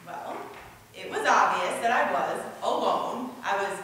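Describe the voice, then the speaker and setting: An actress playing a bitter, indignant married woman, delivering a sarcastic stage monologue that swings from hushed to loud, recorded by a distant camera mic on a stage in a large hall. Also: medium pitch, measured pace, slight background noise, lightly acted. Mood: indignant rant. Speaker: stage actor performing a monologue. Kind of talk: theatrical monologue. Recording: echoey hall from far off.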